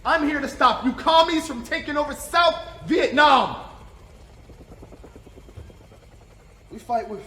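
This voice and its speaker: A man playing a brutal American soldier interrogating a prisoner, mocking and menacing, breaking into shouts. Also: extremely high pitch, heavily acted. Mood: scornful. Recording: roomy echo, faint background hiss.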